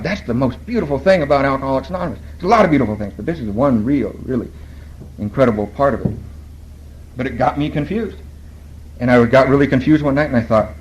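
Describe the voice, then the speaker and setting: A man's voice: mid-range voice, slight background noise, rough recording. A man speaking at a recovery meeting, telling his story in a storytelling way, quoting other people and laughing at his own lines.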